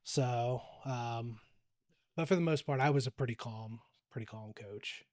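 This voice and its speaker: A man's voice: medium pitch, measured pace, no room sound, studio quality. A man around forty telling a story in casual podcast chat, acting out what he said to people. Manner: animated storytelling, acts out quoted exchanges. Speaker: podcast co-host, former youth coach.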